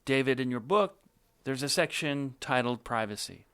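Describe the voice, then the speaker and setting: A male radio show host interviewing a guest with calm, probing questions. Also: mid-range voice, normal speed, smooth.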